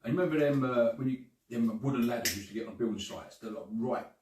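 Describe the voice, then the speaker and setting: A man's voice: medium pitch, quick pace. A man telling long stories in casual chat, full of swearing and "right?" and "mate". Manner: swearing, chatty, says "right?" and "mate" a lot. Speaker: guest panellist. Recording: echoey room from far off, faint noise.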